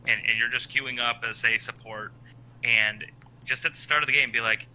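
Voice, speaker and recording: A man's voice: medium pitch, fairly even intonation, moderate pace, pushed and bright, a little hiss or hum, rough recording. A man co-hosting a gaming podcast, explaining tactics in a laid-back way with some swearing. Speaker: podcast co-host. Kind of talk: casual gaming podcast talk.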